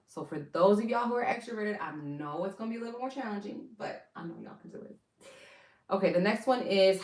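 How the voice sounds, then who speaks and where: A woman's voice: fairly low pitch, roomy sound, far from the mic, rough recording. A young adult woman giving casual wellness advice to her viewers in a chatty, rambling way, calling them y'all. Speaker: wellness vlogger.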